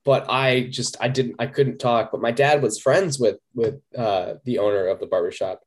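A man in a casual podcast chat, telling rambling self-deprecating stories. His voice sits in an ordinary middle pitch. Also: normal speed. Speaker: podcast co-host.

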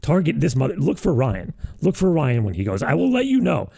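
Animated, gravelly young man joking around. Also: brisk, no room sound, studio quality. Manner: animated, mocking, profane, breaks into high mocking voices. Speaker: podcast co-host, comedian. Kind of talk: casual comedy podcast banter.

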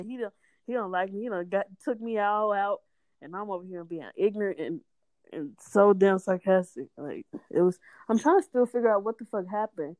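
A woman's voice: medium pitch, darkish tone, no echo. A young adult woman talks in a loose, slangy way and laughs often. Her storytelling is full of profanity. She is recorded close to the mic, with no room sound. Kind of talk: casual chat.

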